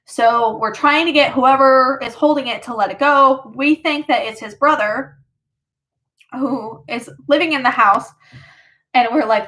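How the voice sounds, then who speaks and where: A woman's voice: high-pitched, a little slow, sharp tone. A woman vlogger casually telling a personal story, rambling with lots of fillers.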